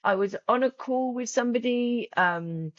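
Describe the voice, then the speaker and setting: Her voice sits a little high and moves at a moderate pace as she, a journal creator and podcast guest, opens up emotionally in casual interview talk. She's heartfelt, restarting and repeating often. The audio is dull, with no room sound.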